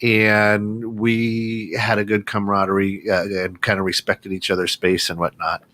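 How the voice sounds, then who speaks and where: A man's voice: on the low side, flat delivery, normal speed, sharp tone. A man hosting a casual radio talk show, telling a long story in a loose, rambling way with many restarts. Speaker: radio station owner and co-host. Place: small radio studio.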